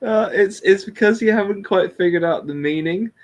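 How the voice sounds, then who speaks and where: A man's voice: high-pitched, normal speed, highs cut off. A British man in casual chat as co-host, patiently explaining things and chuckling often.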